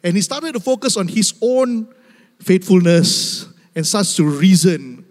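A man's voice: high-pitched, lively intonation, a little slow. A male preacher delivering an emphatic, repetitive sermon, speaking directly to the church and laughing often. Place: church hall. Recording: long hall reverb.

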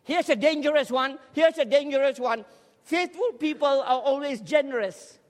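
A man preaching a lively, humorous sermon in a large church hall, joking with the congregation and urging them to respond. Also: very high-pitched, moderate pace. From Scotland. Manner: energetic, jokey, urges the crowd to respond. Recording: long hall reverb in a church.

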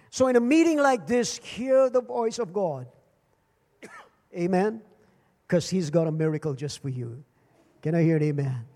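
Older pastor preaching, high, echoing hall. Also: male voice, lively intonation, normal speed, long pauses, mellow. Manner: dramatic swings in pitch and volume, repeats phrases. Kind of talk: sermon. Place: church service. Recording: long church hall reverb.

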